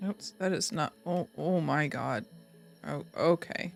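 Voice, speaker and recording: A woman's voice: low-pitched, unhurried, vocal fry, soft background music. A young woman streaming a game, chatting casually, cooing and doting with giggles and sudden gasps. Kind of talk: casual live-stream commentary.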